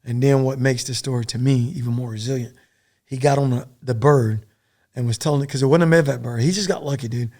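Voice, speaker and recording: A middle-aged former soldier, guesting on a podcast, tells a war story in a profane, animated, rambling way. His voice is mid-range and fast.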